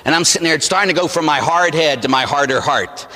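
A man from Pittsburgh, a Catholic priest, telling a personal story as a sermon in an animated, humorous way, acting out the scenes. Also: a little high, fast, long reverb tail. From Pittsburgh, USA.

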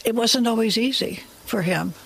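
Brief: interview guest author, gravelly fry, lively rambling storyteller. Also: medium pitch, normal speed, a little hiss or hum, low-quality recording.

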